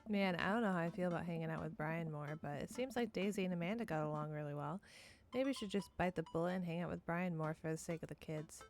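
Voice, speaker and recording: Playful woman streamer with a low voice. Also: quick pace, hardly any pauses, darkish tone, soft background music. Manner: playful, jokey. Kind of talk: reading a visual novel aloud.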